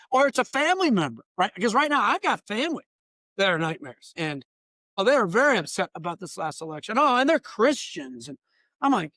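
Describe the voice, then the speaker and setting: In a clean studio recording with no echo, a man in his late fifties speaks in a high voice at a moderate pace. He is a diversity trainer and consultant appearing as a guest in a casual interview, talking animatedly and emphatically and acting out quoted exchanges.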